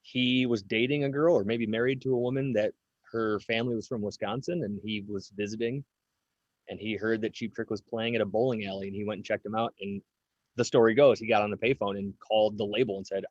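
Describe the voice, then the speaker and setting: Rambling low-voiced man in his forties. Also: steady tone, fairly quick, a little mellow, no echo, dull audio. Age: 40s. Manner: rambling, many fillers and restarts. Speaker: drummer guest. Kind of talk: casual interview chat.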